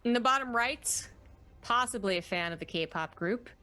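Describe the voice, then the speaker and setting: A woman's voice: fairly high pitch, expressive, normal speed, pushed and bright, faint music behind. A woman co-casting a strategy game match live, chatty and opinionated, teasing her partner. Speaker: esports co-caster. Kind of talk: live commentary and banter.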